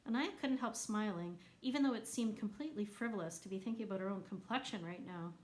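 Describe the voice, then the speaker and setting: A woman reading a novel aloud as narrator, lifting her voice for the characters who shout. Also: mid-range voice, fast talker, rough recording. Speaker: audiobook narrator. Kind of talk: scripted narration.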